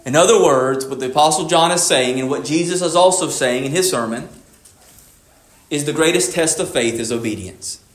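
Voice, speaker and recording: A man as pastor, preaching a sermon, moving between low measured passages and emphatic raised lines. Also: roomy sound.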